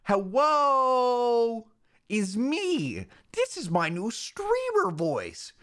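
A man doing a squeaky fake streamer voice. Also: huge pitch swings, very slow, fairly bright tone, exaggerated voice. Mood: mock-cheerful. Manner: exaggerated, sing-song, mock-cheerful. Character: over-eager male streamer persona, squeaky and gushing. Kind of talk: comedic parody voice.

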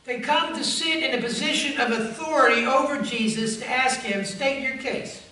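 A man's voice: extremely high pitch, moderate pace, sharp tone. A male pastor preaching a sermon emphatically and addressing the congregation directly, recorded in a church sanctuary from a distance. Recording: echoey church from far off.

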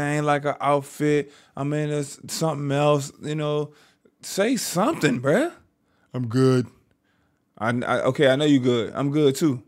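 Give me a slangy Maryland man riffing over a clip. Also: fairly high pitch. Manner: loose slangy running commentary, riffing at the screen. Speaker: reaction video host. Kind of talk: casual reaction commentary.

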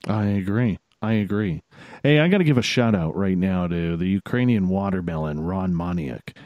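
A man hosts a casual radio chat in a low, deep voice. He rambles and jokes his way through shout-outs. The sound is dry and close, with no room around it. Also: moderate pace, no echo, dull audio. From Canada. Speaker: radio show host.

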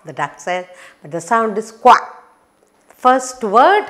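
Slow, sing-song woman teaching phonics. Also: fairly high pitch, very animated, fairly bright tone. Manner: slow, clearly enunciated, sing-song with playful sound effects. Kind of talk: children's phonics lesson.

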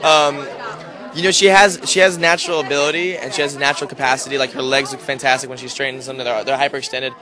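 A man's voice: mid-range voice, fast, a crowd in the background. A young man, a professional dancer, joking and teasing himself in a casual press interview. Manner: joking, self-mocking, animated. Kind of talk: casual red-carpet interview.

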